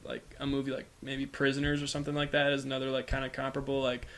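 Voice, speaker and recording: Male podcast co-host, even and level delivery, thoughtful casual film talk. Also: mid-range voice, a little hiss or hum. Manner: measured, hesitant, many fillers. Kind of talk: casual film review chat. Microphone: podcast microphone.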